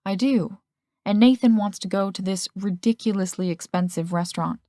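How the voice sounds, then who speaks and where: A woman's voice: mid-range voice, moderate pace, dark tone, no room sound, clean studio sound, lightly acted. A woman doing a practical, loving mother. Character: affectionate, practical middle-aged mother.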